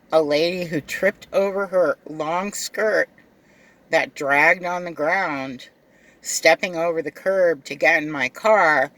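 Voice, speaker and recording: A rideshare driver telling a story casually to camera, animated and acting out both sides of the dialogue. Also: medium pitch.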